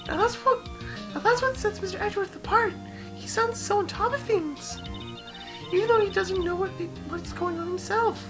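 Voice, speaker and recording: A man's voice: very high voice, normal speed, over music. A man voicing a chirpy young female sidekick who makes light, gossipy asides in a video game playthrough. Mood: chatty.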